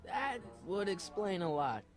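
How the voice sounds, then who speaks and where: A quick-witted teenage hero from a video game speaks casually and throws in wisecracks. His delivery bounces up and down. Steady game music plays behind him. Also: sits high.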